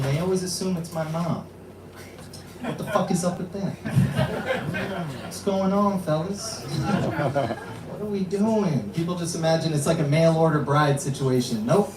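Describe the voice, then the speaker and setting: A young man from New York doing a stand-up set at an open mic, deadpan and self-mocking. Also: fairly high pitch, fairly quick, noisy background. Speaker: stand-up comedian. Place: small comedy club, live audience. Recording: echoey room, distant mic, loud crowd.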